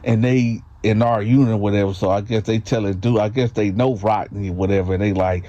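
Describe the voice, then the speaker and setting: A man's voice: on the low side, steady tone, fairly quick, warm tone, no echo. A man telling a story in a loose, casual way, full of fillers and tag questions, in a slightly muffled recording. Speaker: storyteller, channel host.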